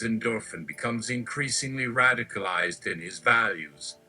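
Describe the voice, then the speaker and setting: A man's voice: medium pitch, sharp tone, poor audio. Man reading an absurd story over music. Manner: wry, with asides to the audience. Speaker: storyteller host. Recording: music playing behind.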